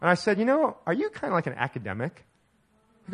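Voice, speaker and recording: Animated, laughing pastor preaching. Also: male voice, high-pitched, quick pace, husky. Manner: animated, laughing storyteller who acts out quoted dialogue. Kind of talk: sermon storytelling.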